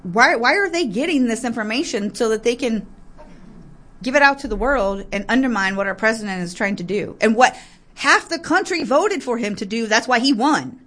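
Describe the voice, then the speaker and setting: A woman with a slightly higher voice delivers a heated political rant to camera. She talks in a fired-up, aggravated way and keeps breaking off to apologize before pressing on. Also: lively intonation, a bit bright. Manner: fired-up, ranting, quick to get aggravated; frequent apologetic asides. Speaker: political commentator. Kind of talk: heated political commentary vlog.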